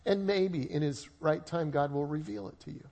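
A man's voice: on the high side, normal speed, creaky, mellow. A male pastor preaching a sermon in a conversational way with humorous asides.

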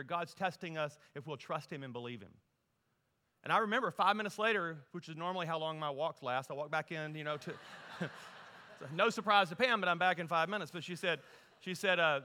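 Animated preacher in a big hall. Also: male voice, on the high side, fairly quick. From Louisiana. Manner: animated, humorous, folksy, shifts from loud to hushed. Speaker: guest preacher. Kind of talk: storytelling sermon. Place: church sanctuary. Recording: long reverb in a large hall.

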